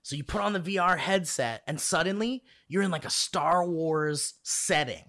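A man's voice: fairly high pitch, normal speed, pushed and bright. A man chatting casually as a podcast co-host, rambling with lots of fillers. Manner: rambling, many "like" fillers, laughing often. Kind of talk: casual chat.

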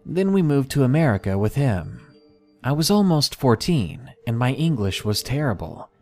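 A man reading submitted first-person scary stories aloud in a steady, measured scripted narration. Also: mid-range voice, soft background music. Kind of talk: scripted horror story narration.

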